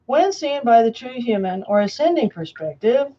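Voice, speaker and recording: A woman reading a prepared statement aloud, slowly and emphatically. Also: fairly high pitch, big pitch swings, dark tone, lo-fi sound. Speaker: self-proclaimed Antichrist answering questions.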